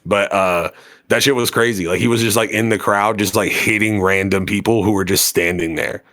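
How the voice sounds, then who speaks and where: A podcast co-host with a lowish, fairly bright voice tells a story at normal speed with fairly even intonation. His casual chat rambles, packed with fillers and swearing.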